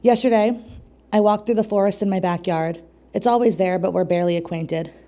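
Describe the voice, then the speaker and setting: Young woman poet, out of breath, nervous and chatty, laughing asides, mid pitch. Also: a little fast, dark tone. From New York State. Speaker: poet and co-host. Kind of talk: open mic poetry reading. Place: small community venue.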